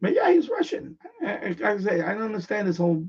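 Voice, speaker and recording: Gravelly man rambling on a lo-fi stream. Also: high-pitched, big pitch swings, fast, darkish tone. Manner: rambling, repetitive storytelling with frequent restarts. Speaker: live stream host. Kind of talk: casual live-stream chat. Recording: far from mic, dull lo-fi sound.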